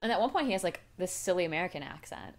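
A woman co-hosting a podcast, chatting casually as a fan, animated and laughing often as she acts out reactions. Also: lowish voice, very fast. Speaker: podcast co-host.

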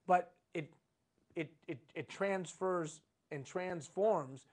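This middle-aged man, a leadership trainer, speaks slowly in a somewhat dark voice that sits high. He's lecturing live on leadership at a conference, in a conference room, preaching and repeating himself while tossing out plenty of rhetorical questions.

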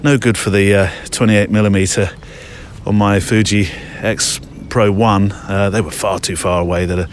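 A somewhat low-voiced man talks easily as he walks outdoors, rambling a little and reading listener emails aloud. He sounds like a podcast host speaking into a handheld recorder. Faint outdoor ambience sits behind him. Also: steady tone, normal speed, a little hiss or hum. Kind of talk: walking podcast narration. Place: outdoors on a country walk.

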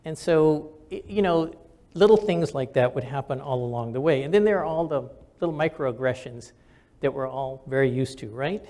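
Brisk and dark-toned, with a medium-pitched voice, an older physician and military officer tells personal stories on camera. His delivery is conversational and earnest, broken by frequent restarts, and the talk is reflective.

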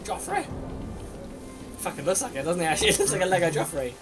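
Over loud game music, a man with a high, expressive voice races through crude, jokey banter during a co-op game. He swears often.

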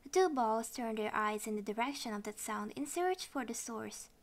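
A woman reads a picture-book story aloud for toddlers, expressive and gentle. Her voice sits a little high. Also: normal speed. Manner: expressive storybook reading, non-native English. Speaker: narrator. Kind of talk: reading a children's story aloud.

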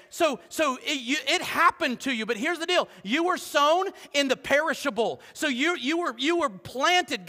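Man, middle-aged pastor; animated sermon delivery with hushed asides, bright tone, long church echo. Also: extremely high pitch. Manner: animated, joking asides, swings between loud and hushed. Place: church sanctuary. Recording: long hall reverb.

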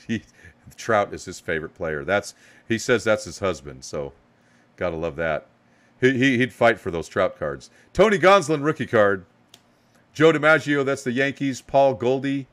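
A man's voice: medium pitch, fairly bright tone. A man hosting a live card box break, hyping each card as he pulls it and giving players playful nicknames. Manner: hype, calls out cards with playful nicknames.

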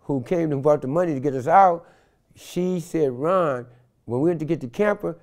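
A man's voice: on the high side, brisk. An older man, telling a wild story in an interview and acting out the voices in it. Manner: animated storyteller acting out quotes in loud shifts. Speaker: interview guest.

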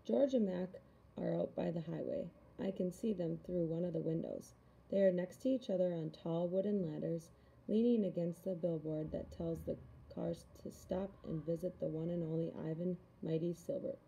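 A woman reading a children's novel aloud in a calm, even narration. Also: on the low side, creaky, poor audio. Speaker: reader. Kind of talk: storybook read-aloud.

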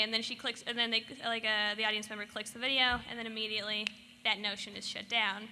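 A woman moderating a live panel discussion in an animated, storytelling way. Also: fairly high pitch, fast. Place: convention hall stage. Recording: echoey hall with faint noise.

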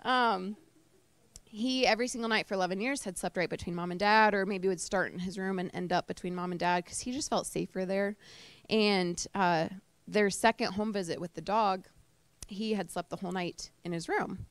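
A woman's voice: mid-range voice, fairly quick, no echo. Chatty woman speaking to a group. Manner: chatty, emotional, with fillers and laughter. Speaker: service dog trainer giving a talk. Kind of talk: informal presentation to a live group. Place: indoor talk to a small audience.

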